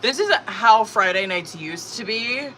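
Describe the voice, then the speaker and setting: Woman tarot streamer, crisp bright tone, loose and profane, laughs a lot, talks into a phone. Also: mid-range voice, animated, measured pace, slight background noise, poor audio. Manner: chatty, profane, laughs often. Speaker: tarot reader hosting a live stream. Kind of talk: casual live-stream chat. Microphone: phone or tablet.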